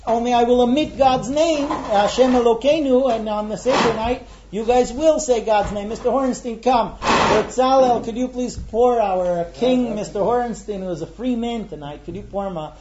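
A man leading a ritual meal and explaining each step to his guests in a brisk, good-humored way. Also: very high-pitched, highs cut off, noisy background. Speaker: seder leader. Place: room with a group of guests.

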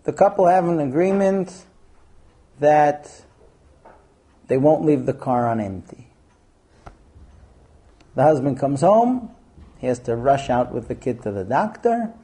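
Male class teacher, animated and lively in pitch, dark mellow tone. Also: a little slow, long pauses. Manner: animated, acts out scenes in different voices. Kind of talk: lecture to a class.

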